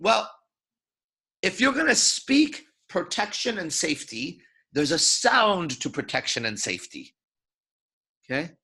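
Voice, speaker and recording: A man's voice: sits high, very animated, measured pace, gravelly, long pauses, sharp tone, breathy edge. A man giving a live lecture as a seduction coach, profane and playful, acting out his examples.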